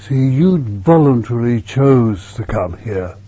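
Slow earnest man preaching, low voice, muffled old tape. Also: animated, husky. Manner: earnest, repeats words, sometimes drops to a hush. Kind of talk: sermon. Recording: dull lo-fi recording with faint hum.

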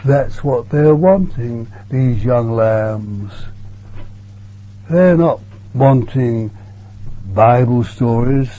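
Slow earnest man preaching, low voice, muffled old tape. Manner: earnest, repeats words, sometimes drops to a hush. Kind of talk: sermon. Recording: dull lo-fi recording with faint hum.

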